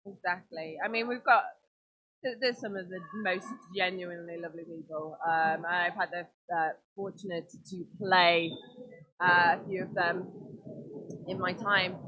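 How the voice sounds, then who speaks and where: A woman's voice: fairly low pitch, fairly even intonation, a little slow, highs cut off. A woman with a Geordie accent from Newcastle, giving chatty, playful roller derby commentary. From Newcastle, England. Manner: chatty and playful, laughs often. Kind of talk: live sports commentary.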